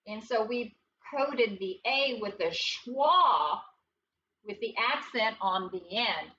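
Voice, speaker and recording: A woman teaching a phonics lesson, patient and deliberate, repeating words aloud and asking the students questions. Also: fairly high pitch, expressive, bright, forceful tone, recorded from a distance, lo-fi sound, a little hiss or hum. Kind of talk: slow, deliberate classroom instruction.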